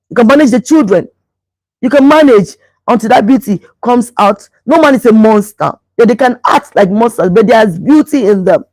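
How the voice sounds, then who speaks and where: A woman's voice: a little high, darkish tone, no echo, rough recording. A middle-aged woman pastor, preaching about relationships emphatically and repeating phrases to drive them home. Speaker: pastor and show host.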